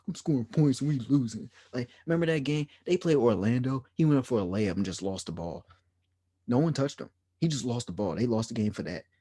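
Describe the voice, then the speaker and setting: A man's voice: lowish voice, warm tone, slightly rough, dry recording. A man co-hosting a sports podcast, ranting in an exasperated, repetitive way. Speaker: podcast co-host. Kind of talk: heated sports podcast rant.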